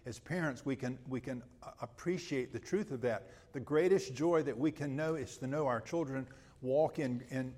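A man with a medium-pitched voice preaches a sermon and reads scripture, drawing out emphatic phrases that swell loudly before falling to a hush. A long hall reverb fills the recording.

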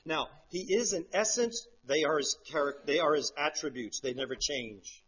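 A man preaching a sermon, swinging between hushed, quiet stretches and loud, fervent passages. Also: on the high side, normal speed, slightly rough, lo-fi sound.

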